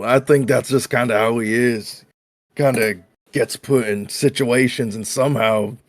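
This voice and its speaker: A man chats in an easygoing, laid-back way during a tabletop game, chuckling now and then. His voice is gravelly and dry, recorded close to the mic. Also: medium pitch, no echo. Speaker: player. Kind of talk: tabletop role-play.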